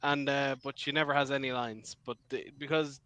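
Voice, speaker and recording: A man's voice: medium pitch, fairly even intonation, moderate pace, bright, forceful tone, clear, resonant tone, rough recording. A man co-hosting a casual chat, sharing trivia with many restarts. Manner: chatty, full of trivia and restarts. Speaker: podcast co-host.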